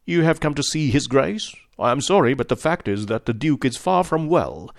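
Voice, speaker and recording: A man's voice: medium pitch, sing-song, normal speed, gravelly, no room sound, clean studio sound, voice pushed up. A man voicing a nervous, furtive male secretary who speaks politely and evasively.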